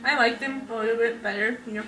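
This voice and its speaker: A young woman with a high, bright voice gushes about a book in a casual vlog, tripping over her words and restarting sentences. She sounds a little off-mic, with music playing clearly behind her. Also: fast, distant mic, poor audio. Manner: gushing, excitable, full of fillers and restarts. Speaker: book reviewer.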